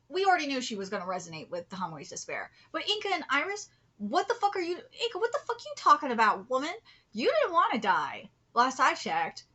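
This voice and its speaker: A woman reacting live to a manga chapter, excitable and swearing freely as she reads panels aloud. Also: sits high.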